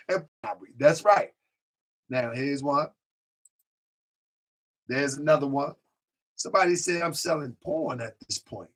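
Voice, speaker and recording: A man with a slightly higher voice hosts a casual live stream. He repeats his phrases, answers chat, and now and then drifts away from the mic. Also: slow, long pauses, bright, forceful tone.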